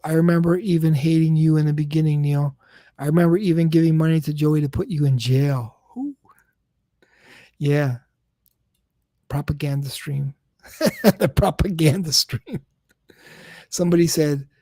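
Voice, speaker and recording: A man's voice: on the high side, warm tone, no room sound, studio quality. A man chatting casually on a late-night live stream, rambling and exasperated, often stammering and repeating his words. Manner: exasperated, keeps saying "come on, man".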